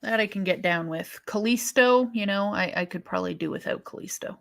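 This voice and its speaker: A woman's voice: mid-range voice, a little fast, creaky, a bit bright. A woman co-hosting a wrestling live stream, chatting casually and thinking aloud with sighs and restarts as she reacts to viewer comments.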